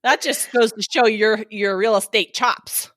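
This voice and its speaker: A woman's voice: fairly high pitch, measured pace, fairly bright tone, no room sound. A woman hosting a podcast, chatting casually with her guest and reacting with a lot of laughter and encouragement. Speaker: podcast host. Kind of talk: casual interview chat.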